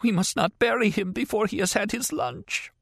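A man voicing a frail elderly peasant woman who sobs and pleads in a high, strained voice. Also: normal speed, vocal fry, slightly rough, no room sound, studio quality. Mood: sobbing. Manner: shrieking, tearful pleading.

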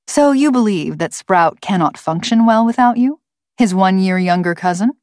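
A woman's voice: medium pitch, animated, moderate pace, a little mellow, no echo, natural voice. Woman as a stern, clipped computer intelligence. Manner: dry, clipped and commanding.

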